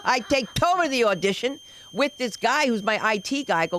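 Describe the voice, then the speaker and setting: Animated woman comic at an open mic. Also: on the high side, a little fast, a little hiss or hum, poor audio. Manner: loud, animated storytelling with sudden shouts. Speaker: stand-up comic. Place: comedy club stage.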